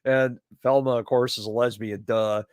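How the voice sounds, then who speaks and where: A man co-hosting a writing podcast, talking in a loose, animated way with frequent laughter and swearing. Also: mid-range voice, moderate pace, no echo, clean studio sound. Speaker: podcast co-host; writer. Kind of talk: casual chat.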